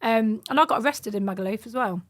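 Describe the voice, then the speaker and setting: A woman in her thirties, a podcast guest, telling stories in a casual, animated way and acting out the voices in them. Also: on the high side, fast. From United Kingdom. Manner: animated, acts out quoted voices. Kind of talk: casual storytelling.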